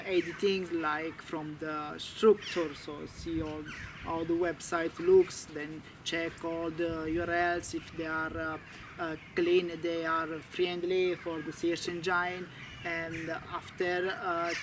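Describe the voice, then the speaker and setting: Hesitant Italian-accented man, slow. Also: a little high, noisy background. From Italy. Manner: halting, hesitant non-native English with many fillers. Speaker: guest. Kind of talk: casual interview.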